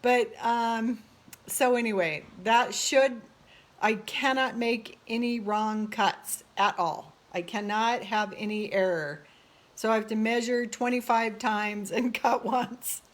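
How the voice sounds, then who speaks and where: A woman's voice: fairly high pitch, steady tone, takes it slowly. A middle-aged woman talking casually to her phone camera during a home remodel, tired and burnt out, rambling with frequent laughs and exasperated asides. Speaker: realtor remodeling her own house. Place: house under renovation, indoors. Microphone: phone camera held by speaker.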